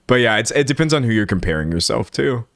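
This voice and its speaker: A man's voice: mid-range voice, animated, fast talker, vocal fry, a bit bright, no room sound, studio quality. An American man in his late twenties chatting casually with viewers on a livestream, rambling and laughing often. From United States. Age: 20s. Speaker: livestream host.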